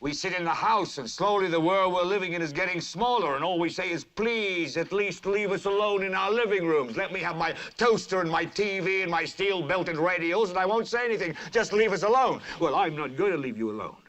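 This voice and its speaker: An actor playing a furious middle-aged TV news anchor who rants on air in an impassioned, shouting tirade, hammering home repeated commands. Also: male voice, high-pitched, fairly quick, few pauses. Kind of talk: 1970s film drama acting.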